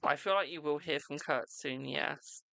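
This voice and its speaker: A British man hosts a live tarot stream, reading questions off his chat and answering in an affectionate, chatty way. His voice is bright and forward with a gravelly edge. The sound is dry and close. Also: fairly high pitch, no echo. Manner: affectionate, calls viewers "my darling"; chatty, reads questions aloud and answers quickly.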